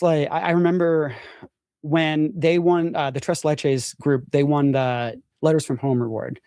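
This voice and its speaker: In a studio-quality recording with no echo, a young man who once competed on a reality show spins a casual story as a podcast guest. He throws in "like" constantly and performs the quoted lines with dramatic leaps in pitch.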